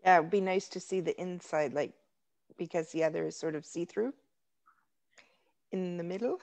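A woman's voice: on the low side, moderate pace, vocal fry, a little mellow. A woman guest on a crafting live stream, chatting casually with wry joking asides. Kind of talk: casual chat.

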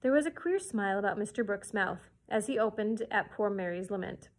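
A woman children's librarian reading a classic novel aloud to listeners, in a clear, expressive way. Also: mid-range voice, a little fast, poor audio. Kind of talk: read-aloud storytelling.

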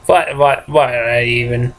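A man's voice: medium pitch, fairly even intonation, moderate pace. A man hosting a game let's play, rambling casually and chuckling to himself as he plays. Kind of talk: casual gameplay commentary.

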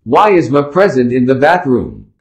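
A man's voice: mid-range voice, wildly swooping pitch, moderate pace, husky, exaggerated voice. A man voicing a confused, exclaiming young man lost in a horror video game. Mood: puzzled. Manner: baffled, exclaiming. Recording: echoey, dull game audio.

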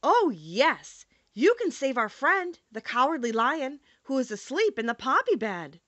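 A woman's voice: sits high, sing-song, a little slow, a bit bright, dry recording, heavily acted. A woman voicing an eager, persuasive male scarecrow stuffed with straw, in a storybook reading.

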